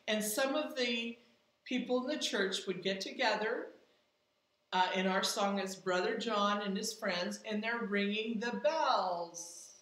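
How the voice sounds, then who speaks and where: A woman teaching a music lesson to children at home, patiently explaining and counting out rhythm syllables. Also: medium pitch. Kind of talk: distance-learning music lesson. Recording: echoey room, mic at a distance.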